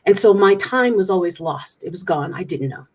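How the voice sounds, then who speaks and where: Husky woman telling her story earnestly. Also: fairly low pitch, expressive, moderate pace, a little mellow. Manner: earnest, candid storytelling with restarts. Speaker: guest speaker. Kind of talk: interview storytelling.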